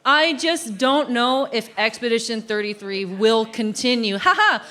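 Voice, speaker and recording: A woman giving her opinion as a juror at a comedy panel, measured and deliberate. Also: a little high, lively intonation, pushed and bright. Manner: measured, deliberate, laughs easily. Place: convention panel room before a live audience.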